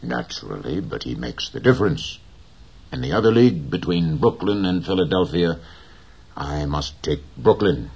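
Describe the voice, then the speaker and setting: A man playing a proud old fisherman in an audiobook, deep and husky, speaking slowly and with quiet dignity. The voice rises and falls with plenty of movement despite its gentle calm. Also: exaggerated voice. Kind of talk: audiobook character reading.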